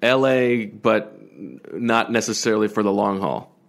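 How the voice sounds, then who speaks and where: A man with a fairly low voice co-hosts a casual sports podcast from a remote call. He trades dry, joking banter in a relaxed way. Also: a little slow, gravelly. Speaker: podcast co-host.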